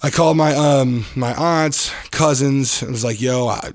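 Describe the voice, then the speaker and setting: A man's voice: mid-range voice, unhurried, no echo, studio quality. A young adult man from Detroit, a podcast guest telling stories in a loose, slangy way with frequent restarts. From Detroit, Michigan. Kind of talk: casual storytelling interview.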